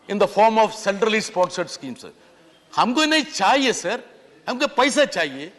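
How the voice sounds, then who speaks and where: MP, very high voice, fiery floor speech with bursts of shouting, echoing chamber. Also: male voice. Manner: impassioned, keeps pleading "sir", sometimes shouting. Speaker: member of parliament. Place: large parliament chamber. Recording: long reverb of a large chamber.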